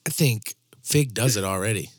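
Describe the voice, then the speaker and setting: A man's voice: lowish voice, normal speed, no echo, studio quality. A man co-hosting a casual chat, arguing in an exasperated way. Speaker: podcast co-host.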